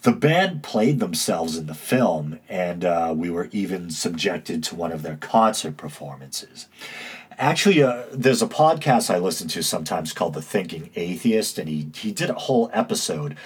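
A man's voice: low voice, lively intonation, moderate pace, slightly rough. A man with a droning, stuffy-nosed East Coast accent hosting a casual solo podcast, dry and self-mocking, with many uhs. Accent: East Coast American. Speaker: podcast host.

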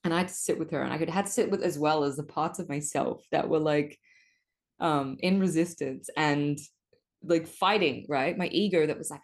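On her solo podcast, a woman with a low voice talks casually and animatedly about her spiritual life at a normal speed. She swears often.

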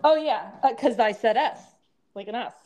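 A woman's voice: a little high, normal speed, darkish tone, lo-fi sound. A woman in her thirties with a lisp, chatting casually as a podcast co-host and rambling with frequent laughter. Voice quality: lisp from temporary crowns. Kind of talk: casual chat.

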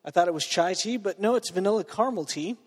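High-voiced man preaching with a cold. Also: animated, fast talker. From Texas. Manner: chatty and joking, many fillers and restarts. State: under the weather with a cold. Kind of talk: casual sermon to a student group. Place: large meeting room. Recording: long reverb in a large room.

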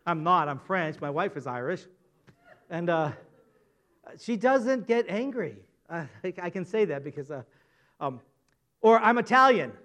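A man's voice: a little high, expressive, unhurried, long pauses, a bit bright. A male preacher giving a sermon in a playful, conversational way, often asking the congregation questions. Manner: playful, conversational, asks the audience.

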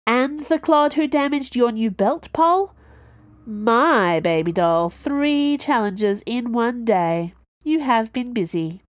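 A woman's voice: fairly high pitch, lively intonation, slow pace, dry recording, lo-fi sound, pitched above the performer's own voice. A woman voicing a mocking female pilot captain with an arch, teasing delivery.

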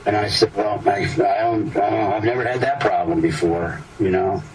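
A man's voice: lowish voice, moderate pace. Older man rambling through a story. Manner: rambling, lively storyteller voicing quoted people. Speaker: actor telling a story. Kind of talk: casual anecdote in an interview. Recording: distant mic with clear background noise.

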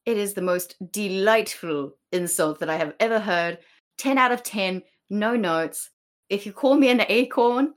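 A woman co-hosting a podcast, chatting casually about a play with many fillers and acted-out quotes. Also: mid-range voice. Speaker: podcast co-host.

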